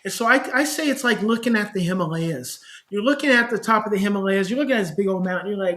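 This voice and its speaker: A man's voice: high voice, quick pace, hardly any pauses. A middle-aged man, a child behavior specialist on a podcast, telling stories conversationally and acting out the parents he quotes. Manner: animated, acts out parents' voices when quoting them. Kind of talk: conversational storytelling.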